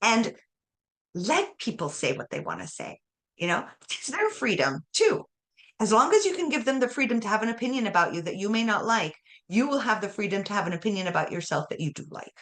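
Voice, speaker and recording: A woman co-hosting a podcast, giving emphatic, encouraging advice. Her voice is bright and sharp, and her pitch swings widely, so every point lands with energy. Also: big pitch swings, brisk. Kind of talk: podcast conversation.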